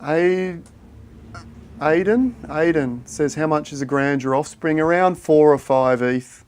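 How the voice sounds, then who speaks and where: A man hosting a casual livestream. He thinks out loud and chats with viewers in a friendly, matey way. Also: a little high, a little slow, clean tone. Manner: thinks aloud while reading viewer chat, matey and chatty. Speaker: livestream host.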